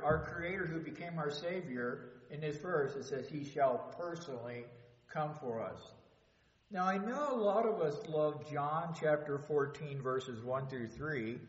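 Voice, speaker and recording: Earnest preacher man in an echoey hall. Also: on the high side. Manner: earnest, halting with restarts and fillers. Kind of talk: sermon. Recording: echoey hall, dull lo-fi sound.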